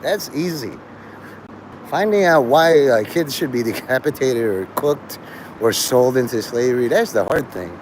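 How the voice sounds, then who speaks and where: A man's voice: mid-range voice, expressive, a little slow, a little hiss or hum, low-quality recording. A man hosting a livestream, talking to his chat in a crude, rambling way and laughing at his own jokes. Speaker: livestream host.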